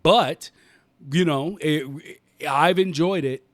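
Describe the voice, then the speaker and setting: Male podcast co-host, slightly high voice, dry close sound, emphatic, repeats himself. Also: slow pace, dry recording. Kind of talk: casual chat.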